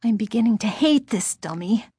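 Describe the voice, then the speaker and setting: In a dry, close reading, a woman plays an angry young girl who mutters her resentful thoughts, her voice pushed a little higher and tighter than a narrator's. The girl sounds fearful and bitter, and the storybook delivery stays low-key. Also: animated, normal speed, mellow, breathy edge, no echo. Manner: tense, muttered inner thoughts.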